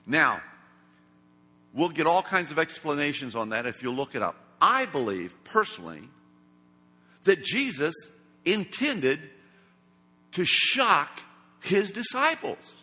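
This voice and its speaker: A man's voice: fairly high pitch, sing-song, takes it slowly, long pauses, bright, forceful tone. A man preaching a sermon in an emphatic, dramatic way, acting out the quoted lines. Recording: long hall reverb.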